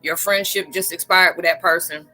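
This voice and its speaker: Bright, animated, woman, casual live chat, home room. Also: on the low side, normal speed, faint music behind, low-quality recording. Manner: animated, jumps into quoted voices, laughs often. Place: her room.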